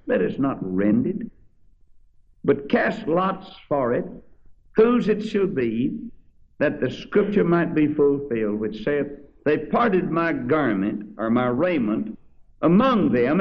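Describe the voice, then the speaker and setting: A preacher reading scripture aloud with dramatic emphasis, then breaking off to explain it in plain everyday speech. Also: male voice, on the high side, sing-song, slow. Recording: dull lo-fi sermon recording.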